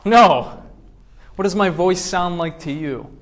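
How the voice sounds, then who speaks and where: A male professor giving a classroom lecture, firing quick questions at his students and acting out voices to make his points. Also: high voice. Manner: acts out voices to demonstrate points.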